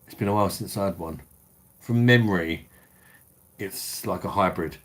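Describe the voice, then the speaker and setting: A man's voice: low-pitched, normal speed. A middle-aged man with a Cockney and Kentish accent, casually chatting on a livestream and reading out viewer comments in a matey, sweary way. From South East England, London. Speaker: beer review livestream host.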